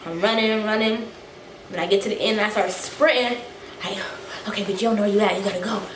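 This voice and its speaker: A young woman telling a casual story to her vlog viewers, animated and a little out of breath, acting out the quotes. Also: medium pitch, fast talker. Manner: animated, acts out quotes, swears freely. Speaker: vlogger. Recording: echoey room, faint noise.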